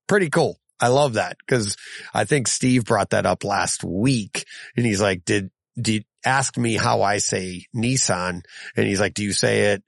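A man with a lowish voice and a lot of gravelly fry hosts a casual solo podcast. He reads listener letters in a rambling way, corrects himself often and chuckles. His voice is going hoarse, and the recording is dry and close. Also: a bit bright, dry recording. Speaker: podcast host.

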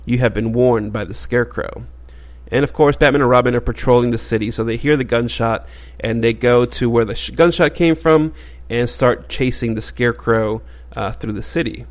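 A man's voice: mid-range voice, brisk, dull audio. A man hosting a podcast, casually retelling a comic book story in a rambling way with frequent fillers. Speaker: podcast host.

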